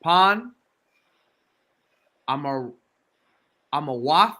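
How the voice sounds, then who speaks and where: A man slowly reading scripture aloud, sounding out each word syllable by syllable. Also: on the high side, lively intonation, sharp tone. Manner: halting, sounds out words syllable by syllable. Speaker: reader.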